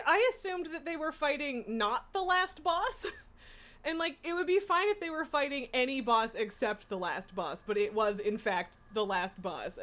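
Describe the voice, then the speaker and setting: A woman's voice: a little high, fairly bright tone. A young adult woman streaming from home, chatting casually, laughing often and teasing her cat. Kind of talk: casual live-stream chat. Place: indoors at home.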